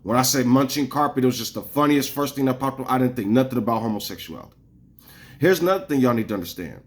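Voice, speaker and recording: A man vlogging an angry, profane rant at his viewers, rambling and restarting his sentences as he goes. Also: medium pitch. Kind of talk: casual ranting monologue to viewers.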